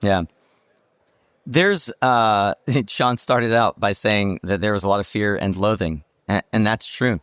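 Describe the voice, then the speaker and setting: A man's voice: on the low side, measured pace, fairly bright tone, clean tone, no room sound, studio quality. A man hosting a roundtable talk at a trade show, reflective and thinking aloud with many fillers. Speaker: podcast host. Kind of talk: roundtable discussion.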